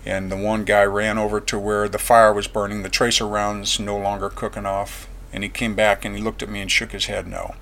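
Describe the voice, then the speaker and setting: A man's voice: fairly low pitch, level tone, a little fast, few pauses, slight background noise. Earnest man telling his testimony. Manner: earnest, plain-spoken, dropping quiet on painful memories. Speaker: veteran giving testimony. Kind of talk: personal testimony storytelling.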